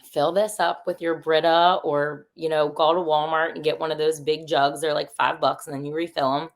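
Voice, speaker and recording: A woman's voice: low-pitched, level tone, normal speed. A young woman hosting a podcast in a casual, rambling chat full of fillers and asides. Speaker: podcast host.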